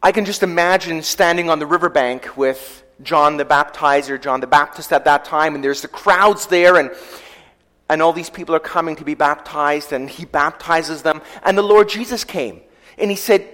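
A man preaching a sermon, retelling scripture in a storytelling way, slowing down for quoted verses and letting his volume rise and fall. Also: a little high, a bit bright. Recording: long hall reverb.

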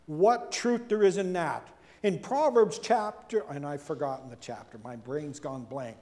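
A male preacher delivers a sermon in a mellow, high-set voice, swinging freely up and down as he acts out quoted speakers. He breaks off for casual asides and rhetorical questions. His voice carries a long reverb, like a large hall. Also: a little slow. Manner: animated, acts out quoted speakers with big swings in pitch and loudness.

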